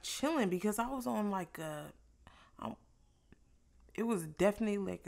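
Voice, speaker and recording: A woman vlogger telling a casual story while eating, loose and profane, with animated reenacted exchanges. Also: fairly low pitch, creaky.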